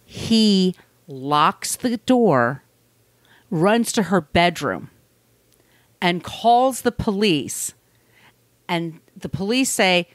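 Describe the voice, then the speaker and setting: A woman's voice: on the low side, lively intonation, extremely slow, long pauses, no echo. A woman co-hosting a podcast, telling a true crime story in a blunt, conversational way. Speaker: podcast co-host.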